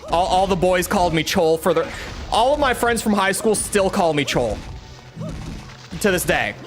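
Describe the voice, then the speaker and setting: A man's voice: high-pitched, animated, moderate pace, music in the background. A young man streaming a game, telling a rambling, self-mocking story in casual chat with lots of restarts. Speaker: gaming streamer.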